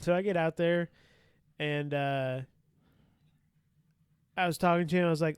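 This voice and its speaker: A man with a fairly high, smooth and resonant voice, recorded close and dry. He tells stories in a loose, profane way and keeps breaking into laughter as he acts out the exchanges. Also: measured pace, pauses often, no room sound. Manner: profane, laughing, animated retelling. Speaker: podcast guest. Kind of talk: casual storytelling.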